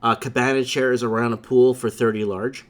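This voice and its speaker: A man's voice: mid-range voice, steady tone, moderate pace. A man hosting a livestream, chatting with a caller and telling stories in a rambling, emphatic way with frequent asides. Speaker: livestream host. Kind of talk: casual chat with a caller.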